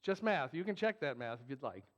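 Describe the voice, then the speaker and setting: A man's voice: fairly high pitch, sing-song, brisk. A man preaching as a pastor, earnest and emphatic with joking asides. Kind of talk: sermon. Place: church sanctuary. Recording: dull, long hall reverb.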